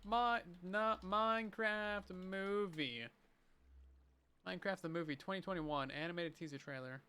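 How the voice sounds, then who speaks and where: A man's voice: high voice, a little slow, clean tone. A young man livestreaming, chatting casually and playfully while reading viewer messages. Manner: playful, animated, chatty with frequent laughs.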